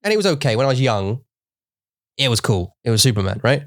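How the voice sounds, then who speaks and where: A man's voice: mid-range voice, big pitch swings, quick pace, no echo, clean studio sound. A male podcast co-host, a native English speaker, chatting casually in a rambling, jokey way and slipping in Mandarin words. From English-speaking country. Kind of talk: casual bilingual chat.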